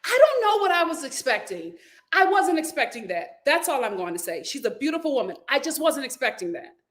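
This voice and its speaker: A young woman with a high, brisk voice hosts a casual live stream, chatting animatedly. She reads out comments from viewers and laughs frequently.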